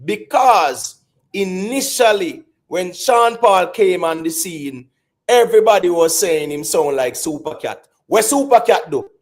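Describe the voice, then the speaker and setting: A man with a Jamaican accent hosting a heated panel debate, insistent and quick to cut in with repeated calls to hold on. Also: high voice, expressive.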